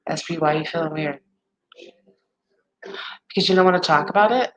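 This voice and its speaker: A woman's voice: low-pitched, a little fast, poor audio. A woman in her forties hosting a live stream, talking candidly and ramblingly with viewers and swearing freely. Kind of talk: casual chat with viewers.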